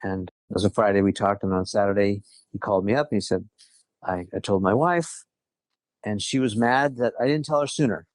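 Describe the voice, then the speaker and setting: A man's voice: on the low side, fairly quick, no echo. A man from Southern California, a podcast guest, telling a personal story in a chatty way, quoting conversations and laughing lightly now and then. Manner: chatty, quotes others, frequent light laughs. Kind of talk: casual interview storytelling.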